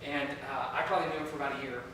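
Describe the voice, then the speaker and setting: A man who leads a youth ministry, giving a storytelling training talk, lively and often repeating words as he searches for them. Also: medium pitch, racing, recorded from a distance, slight background noise. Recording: echoey room, voice from afar.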